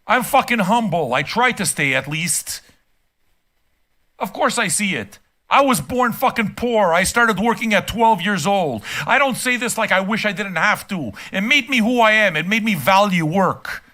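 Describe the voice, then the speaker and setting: A man's voice: high-pitched, bright, forceful tone. An older man streaming a reaction and ranting casually from his room, profane, emphatic and heated. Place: home room.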